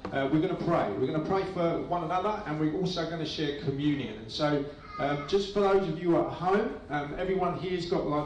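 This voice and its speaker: A pastor talks his congregation through a casual sermon, chatty and hesitant, his voice a touch high for a man. The sound is echoey and distant, as if picked up from across a hall. A faint murmur of room noise sits underneath. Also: darkish tone. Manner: chatty, hesitant with many ums. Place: church hall with a live congregation.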